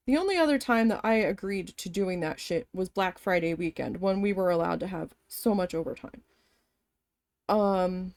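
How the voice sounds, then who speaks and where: A woman's voice: mid-range voice, expressive, a little fast, a little mellow. A woman chatting casually while she embroiders, telling a long story in a rambling, profane way with lots of fillers. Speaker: craft vlogger.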